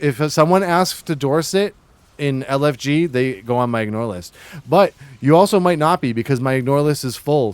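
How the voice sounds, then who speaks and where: Man, exaggerated put-on Boston-New York accent, joking streamer banter, smooth voice, dry close mic. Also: medium pitch, dry recording. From Massachusetts. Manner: joking, playfully ribbing chat. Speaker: livestreamer. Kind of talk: casual livestream chat.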